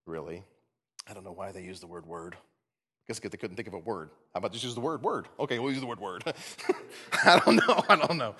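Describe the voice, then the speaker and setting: A man preaching a sermon, animated and joking, often laughing as he talks. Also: medium pitch, big-room sound. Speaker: pastor.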